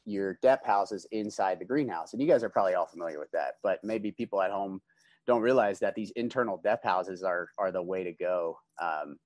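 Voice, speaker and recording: Low-voiced laid-back grower, dry close sound. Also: male voice, fairly quick, darkish tone, no room sound. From California. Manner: laid-back, slangy, rambling with restarts. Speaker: greenhouse grower. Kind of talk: casual podcast chat.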